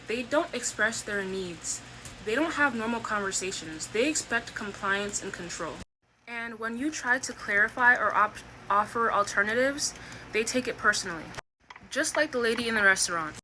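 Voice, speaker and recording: Female commentator, earnest emphatic delivery, mid pitch, clear noise behind. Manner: earnest, emphatic, lists traits. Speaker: commentator on narcissistic abuse. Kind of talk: reaction commentary.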